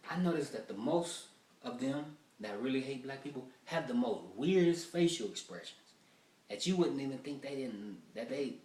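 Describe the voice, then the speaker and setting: Comedian rehearsing, profane and rambling, middle pitch; echoey room, distant mic. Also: male voice, a little mellow. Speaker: stand-up comedian. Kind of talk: stand-up rehearsal. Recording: roomy echo, mic far off.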